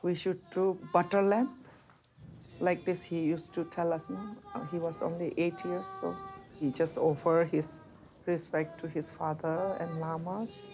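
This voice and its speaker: Brief: woman, slow gentle halting delivery, a little far from the mic, music clearly under her. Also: lowish voice, fairly even intonation. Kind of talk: documentary interview.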